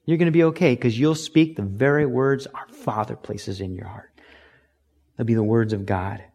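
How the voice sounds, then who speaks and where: A middle-aged man preaching a sermon, telling stories and acting out quoted voices with sudden loud, high bursts. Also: normal speed. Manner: storytelling, acts out loud shouting quotes. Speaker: pastor.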